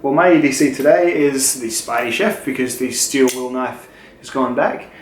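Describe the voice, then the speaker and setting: A young man with an Australian accent chats through viewer questions, loose and jokey, swearing as he goes. His voice sits at a middle pitch. The room is echoey, with a faint hiss behind him. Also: moderate pace. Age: young adult. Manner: loose, joking, swears freely. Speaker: channel host. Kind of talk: casual Q&A chat.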